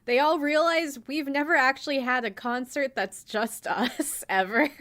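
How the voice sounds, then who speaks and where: A woman co-hosting a casual podcast who laughs often and chimes in with quick agreement. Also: sits high, a bit bright. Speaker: podcast co-host.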